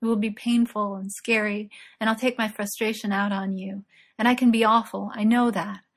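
A woman voicing an earnest young man in an audiobook reading, a little smug yet anxious, speaking in a low, steady way. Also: normal speed, natural voice.

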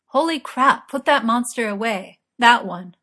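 A woman voicing an excitable, teasing young man in an audiobook reading, with eager, breathless bursts. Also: medium pitch, moderate pace, lightly acted. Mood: excited.

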